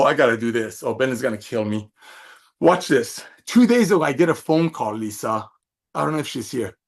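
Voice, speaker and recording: A middle-aged man giving a fervent, preachy sales training talk over a video call, firing off rhetorical questions and gushing praise. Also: fairly high pitch. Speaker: network marketing trainer.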